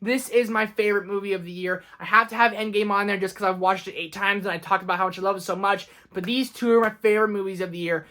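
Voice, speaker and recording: Young male film vlogger, effusive and emphatic, high-pitched with a sharp, bright tone. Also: quick pace, hardly any pauses. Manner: gushing, excitable, emphatic. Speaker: film reviewer. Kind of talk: casual movie countdown vlog.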